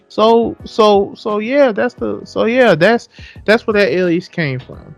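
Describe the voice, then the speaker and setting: A man's voice: high voice, slow, creaky, dull audio, faint music behind. A young man co-hosting a podcast, chatting casually with a lot of rambling and "so yeah" repeats, swearing freely. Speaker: podcast co-host. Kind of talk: casual chat.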